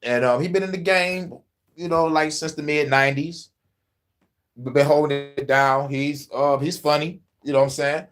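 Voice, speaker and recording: A man's voice: a little high, steady tone, moderate pace, fairly bright tone. A man doing casual commentary, slangy and profane, laughing often as he reacts to a video.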